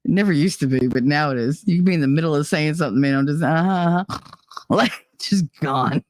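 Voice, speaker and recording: A woman's voice: sits low, a little fast, no echo. A middle-aged woman hosting a casual solo talk show, blunt and opinionated, swearing freely and laughing often. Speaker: podcast host.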